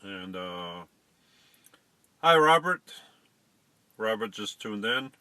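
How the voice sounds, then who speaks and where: A man's voice: lowish voice, very animated, takes it slowly, bright, forceful tone, no echo. A middle-aged man hosting a casual live stream, chatting to viewers and fumbling with settings.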